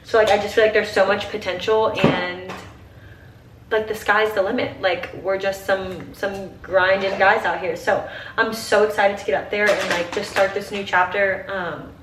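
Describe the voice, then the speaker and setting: A woman's voice: mid-range voice, fairly even intonation, moderate pace, background noise. A young woman from Ohio in her twenties chatting casually while getting ready, emotional and full of "like.". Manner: chatty, emotional, tearful at times, heavy use of "like". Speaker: vlogger. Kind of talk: casual get-ready-with-me chat. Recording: roomy, slightly distant home audio with faint ambience.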